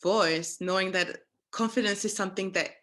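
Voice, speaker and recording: A woman's voice: medium pitch, steady tone, moderate pace, a bit bright. A woman interviewer asking thoughtful questions and searching for her words as she goes. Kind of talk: interview conversation.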